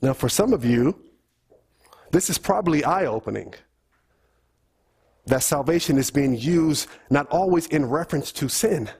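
A man's voice: on the high side, expressive, unhurried, long pauses, darkish tone, slightly rough. A middle-aged man preaching a teaching sermon in a church, asking the congregation questions as he goes. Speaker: pastor.

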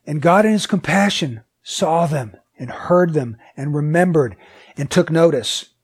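High-voiced man preaching an emphatic sermon. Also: animated, measured pace, darkish tone. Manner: asks the listeners many questions; emphatic and repetitive.

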